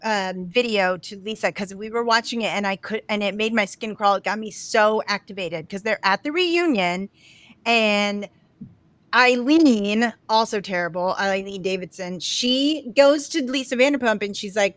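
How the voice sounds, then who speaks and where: A woman co-hosting a podcast, telling a story in a lively, casual way and quoting other people as she goes. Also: mid-range voice, moderate pace, no echo. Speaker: podcast co-host. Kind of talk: casual chat.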